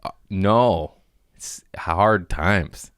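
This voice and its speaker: A man's voice: deep voice, very slow, fairly bright tone, clean tone, no room sound, studio quality. A man in his thirties hosting a podcast, rambling from topic to topic in casual chat and acting out little voices. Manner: jumps between topics, acts out voices. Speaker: podcast host, comedian.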